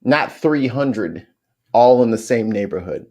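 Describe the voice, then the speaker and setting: A man's voice: medium pitch, lively intonation, a little slow, a little mellow. A man co-hosting a podcast, talking casually with joking profanity and then walking his friends through a piece of history in a loose, storytelling way. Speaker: podcast co-host. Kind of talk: casual chat and informal history telling.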